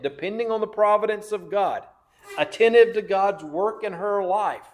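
A man preaching a sermon, slow and emphatic, repeating phrases and asking questions of his listeners. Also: high-pitched. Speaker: pastor.

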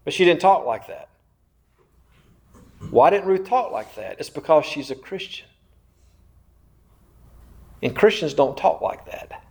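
A man preaching a sermon, slow and emphatic, repeating phrases and asking questions of his listeners. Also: a little high, lively intonation, gravelly, a little mellow. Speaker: pastor.

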